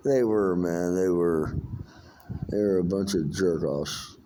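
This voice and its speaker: A man's voice: sits low, takes it slowly, warm tone. Rambling, profane older man. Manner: profane, rambling, full of fillers and restarts. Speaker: vlogger. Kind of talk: rambling casual monologue.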